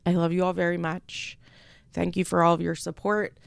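A young woman talks alone into a close, dry podcast mic, her low voice heavy with vocal fry. She rambles and swears casually while on the edge of tears. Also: completely flat delivery, normal speed, no room sound. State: tearful. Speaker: podcast host. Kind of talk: solo podcast announcement.

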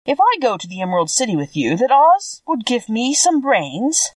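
A husky, soft-hearted scarecrow stuffed with straw, put on by a woman reading a storybook aloud. He is polite, friendly and earnest, with a lively rise and fall in his voice. The sound is dry and the mic is a little distant. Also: fairly high pitch, normal speed, dry recording, pitched above the performer's own voice. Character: gentle naive male scarecrow of straw.

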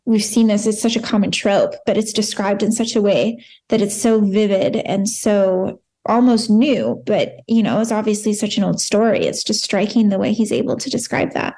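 A woman's voice: mid-range voice, moderate pace, few pauses, dark tone. A woman co-hosting a book podcast, speaking earnestly and enthusiastically about a story. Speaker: podcast co-host. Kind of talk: casual book discussion.

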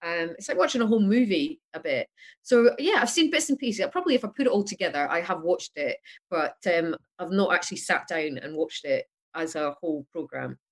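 A woman in casual chat as a guest on a video call, candid and quick to laugh, with the odd light swear. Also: fairly low pitch, big pitch swings.

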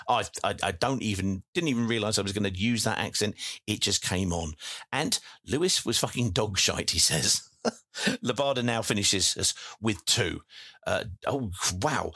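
A man's voice: lowish voice, animated, normal speed, sharp tone, no echo, clean studio sound. Chatty man reading fan comments. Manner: reads comments aloud with many fillers and restarts. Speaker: podcast host reading listener messages. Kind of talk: casual post-match chat.

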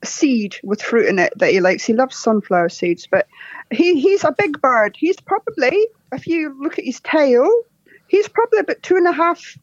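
A woman from Scotland with a soft, posh Scottish accent, chatting as a podcast guest, laughing often and telling jokes. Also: high voice, very animated, moderate pace, no room sound, dull audio. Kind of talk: casual interview chat.

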